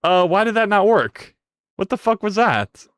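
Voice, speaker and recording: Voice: medium pitch, moderate pace, dry recording, clean studio sound. A live streamer thinking aloud while coding, who is playful with viewers and yelps and swears when things break. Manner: playful, chats with viewers between tasks.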